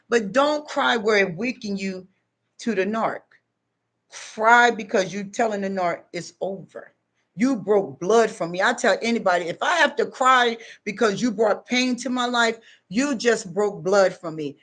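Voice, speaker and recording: Talking directly to her viewers, this middle-aged spiritual self-help vlogger delivers an emphatic, unscripted motivational talk to her followers. She has a high-leaning voice with a fairly bright tone.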